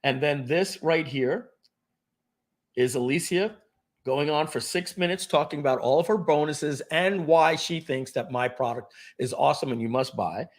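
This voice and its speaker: A middle-aged man running a live sales webinar. His voice sits a little high for a man and comes through a desk mic. He talks with eager pitch energy and tends to clear his throat and restart sentences. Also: normal speed. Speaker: webinar host presenting software.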